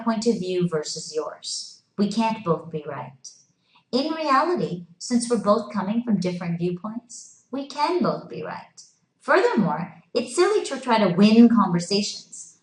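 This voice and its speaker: A woman teacher talking her class through a recorded video lesson, clear and instructive. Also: mid-range voice. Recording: echoey room.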